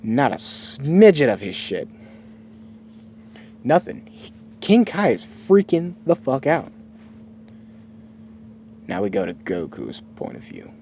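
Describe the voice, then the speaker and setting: A man spinning a made-up story in a loose, rambling way, cursing as he goes. He talks slowly, his pitch rises and falls a lot, and a faint hum runs behind him. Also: wildly swooping pitch, darkish tone. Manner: rambling, casual and profane. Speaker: streamer. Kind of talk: improvised storytelling.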